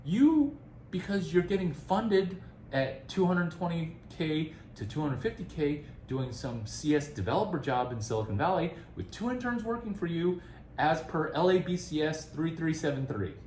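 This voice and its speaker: Man, slightly high voice, rambling and animated, echoey room with faint hum. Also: moderate pace. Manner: rambling, animated, laughs often, restarts. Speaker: speaker giving career advice. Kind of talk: casual talk.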